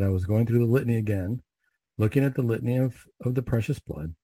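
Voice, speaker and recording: A man's voice: fairly low pitch, mellow, dry recording, rough recording. A man leading Catholic prayers and then reflecting informally, in a plain conversational manner with rhetorical questions.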